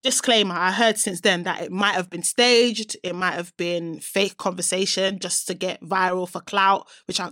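A woman's voice: lowish voice, moderate pace, hardly any pauses, dry recording, studio quality. A woman co-hosting a casual podcast, animatedly retelling a text conversation. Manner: animated storyteller, voices both sides of a quoted chat. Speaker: podcast co-host. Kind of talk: casual chat, reading out a text exchange.

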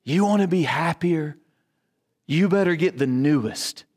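A man's voice: a little high, measured pace, a little mellow. A male pastor preaching a sermon, building emphasis through repetition and rhetorical questions.

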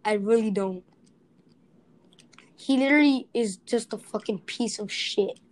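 A woman's voice: fairly high pitch, unhurried, rough recording. A young woman co-hosting a podcast, talking bluntly and heatedly with lots of filler words. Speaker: podcast co-host. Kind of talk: casual chat.

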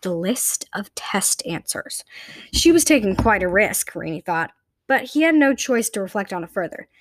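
A woman's voice: medium pitch, big pitch swings, normal speed, no room sound, clean studio sound. A woman reading a children's novel aloud in a plain, unpolished way, with occasional slips and restarts. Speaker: reader.

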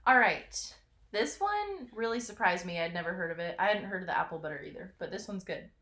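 A woman's voice: lowish voice, lively intonation, a little fast, pushed and bright, reverberant. A woman hosting a casual word game chat, teasing and laughing often. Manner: giggly, teasing. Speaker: host.

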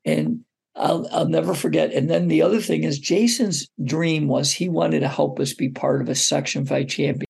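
A man, a basketball coach, telling a story as a guest in an interview, lively and often putting questions to the listener. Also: fairly high pitch, moderate pace, vocal fry, slightly rough. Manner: animated storyteller who poses questions to the listener.

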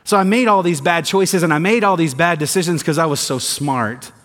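Pastor preaching in a reverberant hall. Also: male voice, on the high side, brisk. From American South. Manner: swings from quiet emphasis to rising intensity, sarcastic asides. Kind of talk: sermon.

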